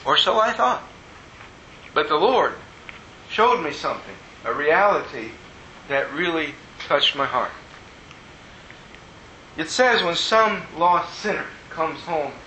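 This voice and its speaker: Guy preaching his testimony, high bright voice, echoey church room. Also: slight background noise. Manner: earnest storytelling, swinging from hushed to excited. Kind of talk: sermon testimony. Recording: roomy echo.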